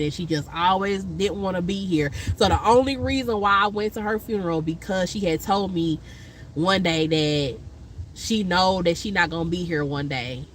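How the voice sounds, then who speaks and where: A woman vlogger, telling a rambling personal story with many fillers and loud, high impressions of other people. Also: a little hiss or hum, rough recording. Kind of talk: casual storytelling chat.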